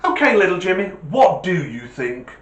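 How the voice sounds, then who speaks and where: A man's voice: high-pitched, very animated, normal speed, highs cut off, voice pushed up. A man voicing an exasperated mother who scolds her son curtly. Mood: scolding. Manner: curt, scolding. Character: exasperated mother, stern and fed up. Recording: echoey room.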